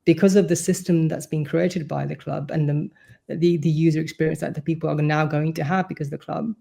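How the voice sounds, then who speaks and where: Fairly high in pitch and a little fast, the man's mellow voice carries vocal fry and a steady tone. He appears on a podcast as the supporters' board vice-chair, chatting casually but earnestly and giving long explanations.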